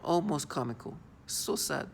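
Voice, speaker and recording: Gravelly, halting man venting on camera. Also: on the high side, animated, a little hiss or hum. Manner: halting, full of restarts and fillers; agitated and disgusted. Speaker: vlogger. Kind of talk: personal video monologue.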